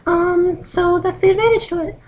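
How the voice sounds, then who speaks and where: A young woman demonstrating a squeaky, strained falsetto practice voice, halting with ums and cracking. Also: steady tone, darkish tone.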